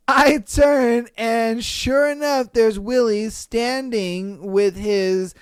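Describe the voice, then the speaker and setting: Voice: mid-range voice, steady tone, very slow, a bit bright, clean tone, no room sound, studio quality. A podcast host casually reading online stories aloud and reacting with frequent laughter and profane slang.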